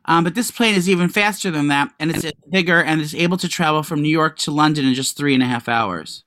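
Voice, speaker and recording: A man co-hosting a podcast, chatting casually with a gossipy, animated manner and free swearing. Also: on the high side, fast talker, no echo. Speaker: podcast co-host.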